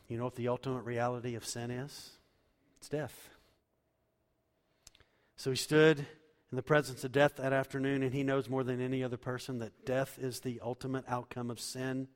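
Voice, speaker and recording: Impassioned male preacher in a reverberant hall. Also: mid-range voice. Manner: impassioned preaching, swinging from loud emphasis to hushed tones. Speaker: pastor. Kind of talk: sermon.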